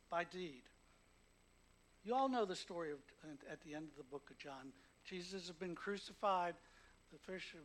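A man with a notably high voice preaches a sermon. He tells stories and acts out the quotes, dropping to a hush and then rising to loud, emphatic emphasis. Faint ambient noise sits behind him. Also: low-quality recording. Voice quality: emotional, emphatic. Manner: storytelling with acted quotes, swinging from hushed to loud.

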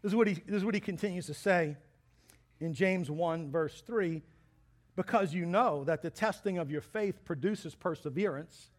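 Brief: man, high voice, pastor giving a sermon, animated and playful, acts out quotes. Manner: lively, joking preacher who acts out quotes.

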